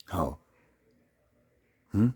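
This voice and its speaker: A man with a Jamaican accent ranting in a scornful, mocking commentary and breaking into loud outbursts. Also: drawn-out words. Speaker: video commentator.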